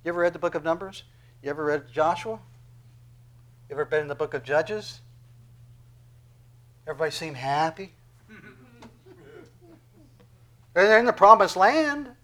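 A man delivers a Bible-teaching sermon in a slightly raised voice. He reads verses aloud with his congregation, booms out emphatic lines and then drops to a near whisper. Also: animated, normal speed, pauses often, low-quality recording. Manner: emphatic, swinging from loud declarations to hushed whispers; acts out dialogues with God in other voices. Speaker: preacher.

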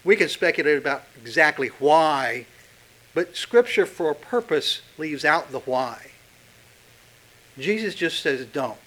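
A man preaching a sermon, pressing hard on key words and dropping to a hush when quoting Scripture. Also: fairly high pitch, expressive, unhurried, rough recording. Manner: emphatic, swinging from loud stresses to hushed quotes. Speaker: pastor.

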